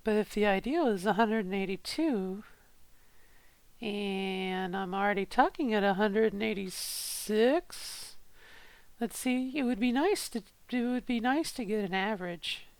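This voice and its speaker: Slow, unsure middle-aged woman vlogging. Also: medium pitch, darkish tone, smooth, no room sound. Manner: thinking aloud, unsure, halting restarts. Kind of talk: casual voice-practice vlog.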